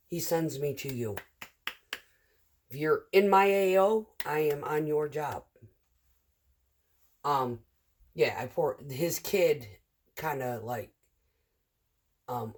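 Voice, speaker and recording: A woman's voice: sits low, darkish tone, slight background noise. A middle-aged woman who drives a concrete truck, telling rambling work stories in a casual, chatty vlog full of fillers.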